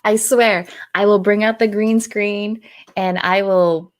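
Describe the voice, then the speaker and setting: A woman's voice: medium pitch, steady tone, slow. A woman guest on a live-stream show over a video call, talking animatedly and playfully, often breaking into laughter. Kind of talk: casual live-stream chat.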